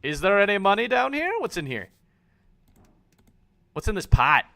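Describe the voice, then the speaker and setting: A man live-streaming a game, excitable and swearing, joking at himself while reading the on-screen text aloud. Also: high voice, normal speed, creaky.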